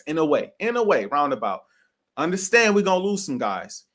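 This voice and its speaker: Guy on a sports podcast going off, casual and opinionated, kinda high voice. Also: brisk. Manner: animated, slangy, keeps saying bro; opinionated and emphatic.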